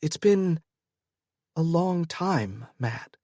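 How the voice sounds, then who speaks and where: A man's voice: a little high, animated, very slow, dark tone, dry recording, clean studio sound, pitched above the performer's own voice, heavily acted. A man voicing a hesitant long-lost first love. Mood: tentative. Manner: uncertain, apprehensive.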